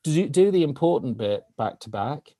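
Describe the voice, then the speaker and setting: A man's voice: mid-range voice, expressive, moderate pace, mellow, dry recording, studio quality. A man co-hosting a podcast, talking hesitantly in a casual chat, often restarting his phrases. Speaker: podcast co-host.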